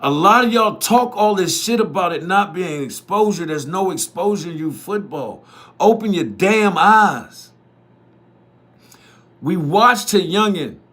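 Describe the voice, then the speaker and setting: A man's voice: a little high, a bit bright. A man who hosts youth football media, giving a blunt, profane, repetitive opinion monologue straight to his viewers.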